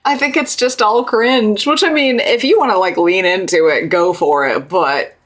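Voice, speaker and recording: A woman's voice: mid-range voice, normal speed, fairly bright tone. A woman streamer reacting to a video in casual chat, laid-back, giggly and casually swearing.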